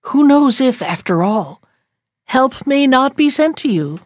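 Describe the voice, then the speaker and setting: A woman's voice: high voice, sing-song, measured pace, dry recording, studio quality, pitched above the performer's own voice. A woman voicing a kind old grandmother in a fairy tale who cries over the children as she warns them. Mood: pitying. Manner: tearful, pleading. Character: tender pitying old grandmother.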